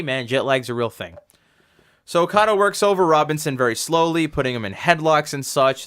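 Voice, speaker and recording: A man's voice: medium pitch, bright, forceful tone, clean tone. A man hosting a casual wrestling review podcast, rambling, laughing and cursing freely as he recaps matches. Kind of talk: casual profane chat and recap.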